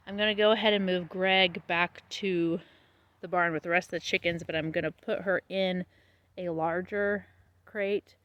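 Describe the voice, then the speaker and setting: A woman vlogging casually about her homestead, tired after planting, chatty and laughing often, her voice trailing off softly. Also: fairly low pitch, dry recording, lo-fi sound. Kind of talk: casual vlog talk to camera. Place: outdoors on a small homestead.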